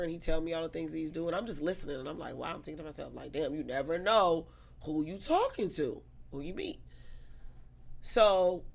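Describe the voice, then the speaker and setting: Woman guest w a gravelly voice, telling a wild story, swears a lot, acts out everybody. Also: low-pitched. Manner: animated, profane, acts out quotes. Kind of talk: casual storytelling.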